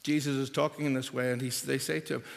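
A man preaching a sermon, emphatic and building to forceful repeated declarations. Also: mid-range voice, level tone, quick pace, gravelly, in a large hall, a little hiss or hum.

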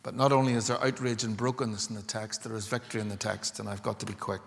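A man's voice: on the low side, level tone, quick pace, gravelly. A male preacher delivers a fervent sermon, pressing his points with rising emphasis. His voice trails off into the long echo of a large church. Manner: impassioned, building to emphatic climaxes.

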